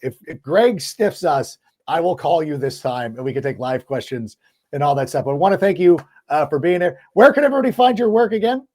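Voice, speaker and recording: A man hosting a sports podcast in casual chat, talking in an animated, quick way. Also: fairly high pitch. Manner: animated, quick, acts out quoted lines. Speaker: podcast host.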